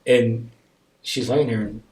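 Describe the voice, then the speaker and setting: A middle-aged man telling a deeply personal story as a podcast guest, halting and repeating himself as his voice rises and falls with emotion. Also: fairly even intonation, darkish tone, poor audio.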